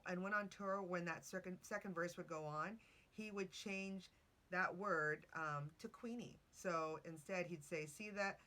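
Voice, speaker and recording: Podcast host, woman, low voice, chatty with asides and self-corrections. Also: a little slow, pushed and bright. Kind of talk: casual podcast talk, reading notes.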